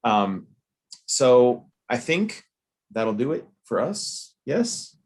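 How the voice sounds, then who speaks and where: A man's voice: medium pitch, sing-song, a little mellow. A man co-hosting a casual review chat, playful and showy, drawing out his announcements. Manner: playful showman, drawn-out announcer build-ups. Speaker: co-host.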